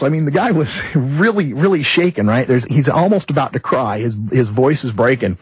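A man's voice: medium pitch, animated, moderate pace, few pauses, slightly rough, no echo, muffled recording. A man hosting a talk radio show, telling a story to listeners in a rambling, chatty way that corrects itself as he goes. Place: radio studio.

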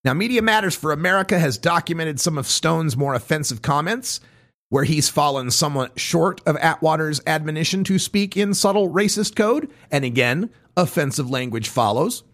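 Lively-pitched man reading pointed commentary. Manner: measured, pointed, stresses each quote with pauses. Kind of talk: reading a list of quotes, commentary.

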